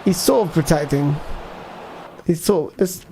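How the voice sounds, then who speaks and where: A man with a rather high, creaky, warm voice speaks at a measured pace, with a little hiss or hum in the recording. He is a gaming livestreamer giving casual commentary while playing a football video game, thinking aloud and responding to viewer chat.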